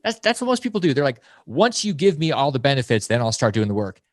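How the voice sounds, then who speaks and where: A man in his forties, a podcast guest, talking bluntly and emphatically, jumping into loud mocking quotes. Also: mid-range voice, sing-song, fast, dry recording. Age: 40s. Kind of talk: fast, blunt podcast talk.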